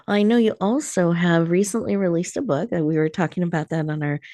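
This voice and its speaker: A woman's voice: on the low side, fairly even intonation, fast, mellow, dry recording. A woman hosting a radio interview, affirming and appreciative toward her guest. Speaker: host.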